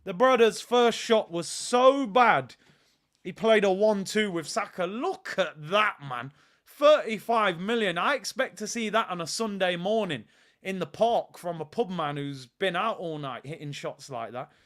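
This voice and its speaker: Lads' football streamer, high pitch, excitable, shouts at near-misses. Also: male voice, a little slow. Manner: excitable, erupts into shouts at chances; slangy, chats to stream viewers. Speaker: football watch-along host. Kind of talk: live match reaction commentary.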